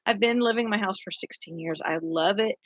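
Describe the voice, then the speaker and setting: A woman's voice: medium pitch, fairly quick, dry recording. A middle-aged woman, a city council candidate talking casually and earnestly. She sounds tired and rambles, often restarting her sentences. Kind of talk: casual monologue. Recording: dull lo-fi, dry sound.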